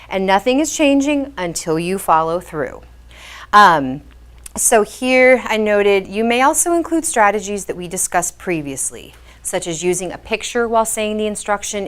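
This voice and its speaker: A woman's voice: medium pitch, clean tone. Woman behavior specialist, instructional talk for parents, patient and explanatory. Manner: patient, explanatory, frequent "um" fillers.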